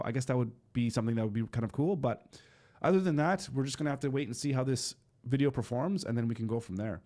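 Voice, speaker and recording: A man's voice: medium pitch, quick pace, dark tone. A man with a stuffy nose hosting a casual livestream, chatting loosely with lots of fillers and restarts. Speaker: livestream host. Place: home studio in eastern Canada.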